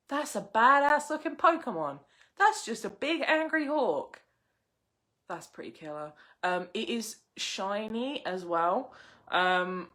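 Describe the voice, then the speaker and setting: Give me an excitable woman doing a casual live unboxing, gushing over cute finds at an ordinary pitch. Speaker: livestream host opening card packs.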